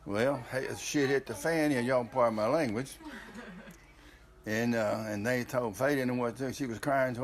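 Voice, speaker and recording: A man's voice: medium pitch, normal speed, slight background noise. An older man, telling a family story in a rambling, casual way with frequent restarts.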